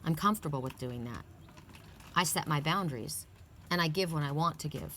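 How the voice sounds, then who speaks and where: Lower-voiced woman reading oracle cards. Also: a little fast, fairly bright tone, a little hiss or hum. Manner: chatty and upbeat, reciting affirmations with emphasis. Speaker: oracle card reader. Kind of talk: casual spiritual card reading.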